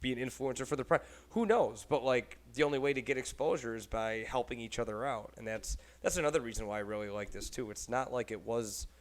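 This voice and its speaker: A man hosting a casual podcast chat, with a Texan accent, talking in a loose, rambling and animated way and swearing casually. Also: mid-range voice, fast talker, hardly any pauses. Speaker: podcast host.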